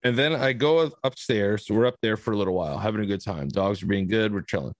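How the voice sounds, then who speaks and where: A man's voice: fairly low pitch, fast talker, dry recording. A young man, cursing casually as he tells a long story on a podcast. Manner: profane, rambling storyteller. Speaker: podcast host.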